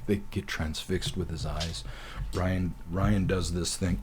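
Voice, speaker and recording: A man from North Dakota hosting a talk show, telling comic stories in an animated, profane way and acting out quotes. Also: deep voice, measured pace, slight background noise. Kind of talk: comedic storytelling.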